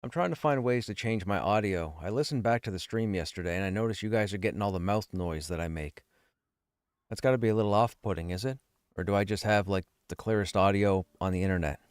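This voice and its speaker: Low-voiced joking male game streamer. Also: quick pace, smooth, no echo, studio quality. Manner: chatty, joking, self-deprecating. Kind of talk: casual live-stream chat while gaming.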